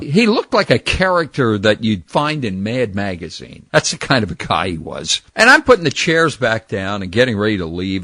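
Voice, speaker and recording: An older man from New Jersey, recalling old jobs in a lively storytelling way and acting out the people in them. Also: medium pitch, dry recording, studio quality. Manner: lively, acts out the people in his stories.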